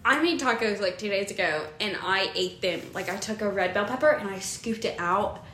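A woman's voice: mid-range voice, moderate pace, fairly bright tone, reverberant. A young woman co-hosting a casual chat, gushing about food and laughing often. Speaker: podcast co-host.

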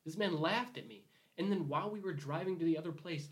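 A man's voice: on the high side, fast. A young man in casual conversation, telling a work story in a rambling way. He swears freely and acts out what everyone said. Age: young adult. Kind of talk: casual chat.

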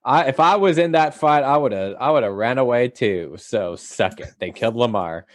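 A man's voice: mid-range voice, animated, moderate pace, no room sound, clean studio sound. A man co-hosting a casual podcast, joking in a mock-defiant way. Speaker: podcast co-host. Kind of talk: casual chat.

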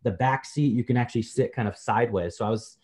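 A man in his forties, a podcast guest, telling personal stories in a relaxed, chatty way, often saying "you know" and calling the host brother. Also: mid-range voice, fast, breathy edge. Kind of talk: personal storytelling in a conversation.

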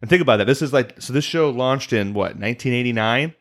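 A man's voice: medium pitch, fast. A man co-hosting a podcast in casual chat, rambling and laughing often. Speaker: podcast co-host.

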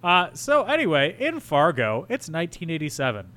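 A man's voice: on the high side, huge pitch swings, normal speed, bright, forceful tone, slight background noise. A man co-hosting a podcast in casual chat, teasing and playful. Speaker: podcast co-host.

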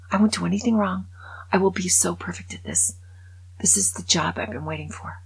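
An older woman hosting a podcast, talking in an excitable, gushing way that drops into whispers. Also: lowish voice, fairly quick, vocal fry, breathy edge, low-quality recording. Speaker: podcast host. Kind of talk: casual monologue.

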